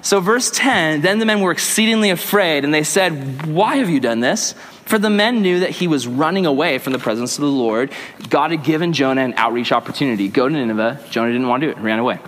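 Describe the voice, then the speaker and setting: A man's voice: on the high side, quick pace. Upbeat young man teaching in a hall. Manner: energetic, joking, slangy asides between scripture reading. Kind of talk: casual Bible teaching to a group. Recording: long echo of a large hall.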